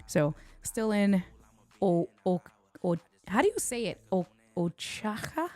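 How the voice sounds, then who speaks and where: A woman's voice: mid-range voice, very animated, slow pace, a little mellow, no room sound. A woman from Puerto Rico hosting a casual livestream unboxing at home, chatting and bantering with viewers in the chat. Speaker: tech livestream host.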